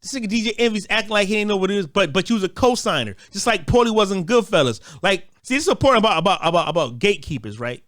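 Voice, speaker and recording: Man, high voice, dry close sound, profane rant, stumbling repeated restarts. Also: big pitch swings, racing, few pauses, a bit bright, no room sound. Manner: repetitive stammering restarts, heated. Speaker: commentator. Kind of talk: profane ranting commentary.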